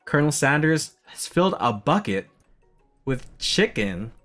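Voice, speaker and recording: A man chatting casually while reading a game aloud on stream, goofy and self-deprecating with slangy asides. His pitch moves a lot, and faint music plays behind him. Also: big pitch swings, a little slow, fairly bright tone.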